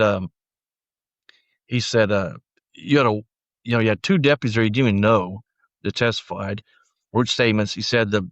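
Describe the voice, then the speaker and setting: A middle-aged man, a former deputy, recounting his past in a casual conversational interview, often quoting others and trailing off quietly. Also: fairly low pitch, dry recording, muffled recording. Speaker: podcast guest, former sheriff's deputy.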